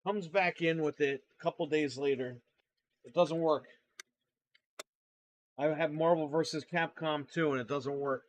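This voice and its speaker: A man's voice: a little high, steady tone, unhurried, long pauses, lo-fi sound. A man hosting a casual livestream, telling blunt, profane, exasperated stories about customers. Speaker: livestream host and console repair seller.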